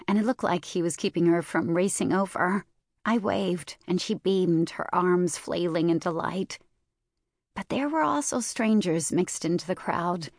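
A woman narrating a first-person fantasy novel in a steady, measured storytelling voice. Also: on the low side, dry recording, clean studio sound. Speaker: audiobook narrator.

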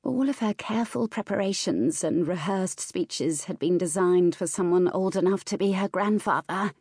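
A woman reading a historical romance audiobook in a measured, expressive way. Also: lowish voice, slightly rough, dry recording, studio quality. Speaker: audiobook narrator. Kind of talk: scripted narration.

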